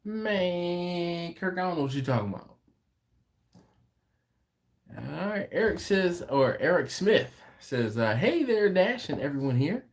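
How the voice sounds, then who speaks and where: A man's voice: high-pitched, lively intonation, normal speed, few pauses. A man hosting a late-night live stream from home, chatting casually and reading viewer comments aloud with an easygoing laugh. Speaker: host of a barbecue channel livestream.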